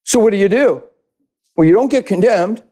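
High-voiced animated male pastor preaching. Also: normal speed. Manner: animated, swings from shouting to hushed. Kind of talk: sermon storytelling.

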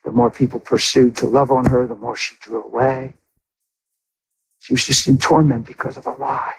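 A man's voice: medium pitch, little pitch movement, normal speed, vocal fry, a little hiss or hum, poor audio. A middle-aged man preaching a sermon as a pastor, telling a personal story with emotion and speaking straight to his congregation.

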